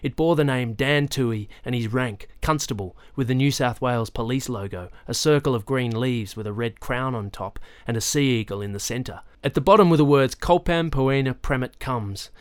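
A man reading a novel aloud in a measured, even storytelling manner. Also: medium pitch, smooth, dry recording. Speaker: audiobook narrator. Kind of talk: scripted narration.

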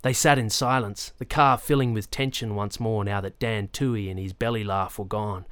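A man reading a novel aloud in a measured, even storytelling manner. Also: lowish voice, clean tone, dry recording. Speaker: audiobook narrator. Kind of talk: scripted narration.

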